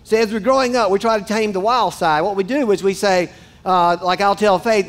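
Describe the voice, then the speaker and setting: Man, pastor, high voice, casual joking sermon, church. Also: moderate pace. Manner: joking, folksy, talks straight to the congregation. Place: church sanctuary.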